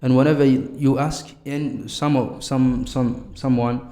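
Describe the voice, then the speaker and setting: A man talking in a casual podcast chat, stopping and restarting often as he searches for words in a language that is not his first. His voice is dark and mellow, and it rings in a roomy space. He keeps a plain, steady pitch. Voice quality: halting, repeats words. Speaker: podcast co-host.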